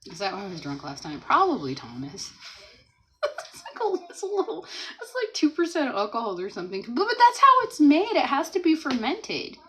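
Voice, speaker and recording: A woman hosting a casual livestream from home, chatting, laughing often and reading viewer comments aloud, and talking gently to a small child beside her. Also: high voice, huge pitch swings, normal speed, slight background noise, poor audio. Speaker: livestream host.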